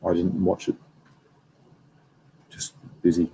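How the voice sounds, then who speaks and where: A man's voice: low voice, monotone, slow, creaky, mellow, a little hiss or hum, rough recording. A young man hosting a casual livestream, rambling and reading out viewer comments. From Australia. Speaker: livestream host.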